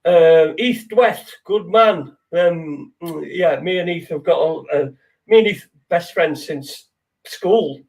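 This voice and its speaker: Rambling man, high voice. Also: slow, darkish tone, poor audio. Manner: rambling, sweary, loses his words. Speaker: podcast host. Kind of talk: casual late-night chat.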